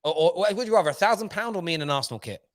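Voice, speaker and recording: Boastful man, crisp and dry. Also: high-pitched, animated, racing, dry recording. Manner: boastful, teasing, laughs often. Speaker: co-host of a football fan show. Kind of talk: casual banter on a live stream.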